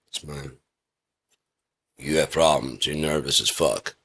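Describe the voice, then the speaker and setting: Deep-voiced man ranting with heavy profanity. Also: fairly even intonation, normal speed, long pauses, bright, forceful tone, slightly rough. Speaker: vlogger. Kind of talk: casual rambling monologue. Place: indoor room with a heater.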